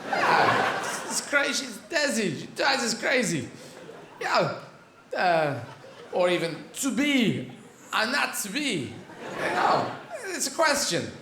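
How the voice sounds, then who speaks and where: A man doing a deliberately bad impression of an offbeat actor reciting Shakespeare in halting, rambling bits. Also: sits high, wildly swooping pitch, slight background noise, pitched above the performer's own voice, exaggerated voice. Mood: deadpan. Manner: halting, odd pauses, rambling. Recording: echoey theatre with loud audience laughter.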